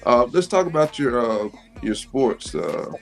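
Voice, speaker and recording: A man hosting a radio interview, asking halting questions full of fillers and agreeing in short bursts. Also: mid-range voice, big pitch swings, vocal fry, faint music behind. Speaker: radio show host.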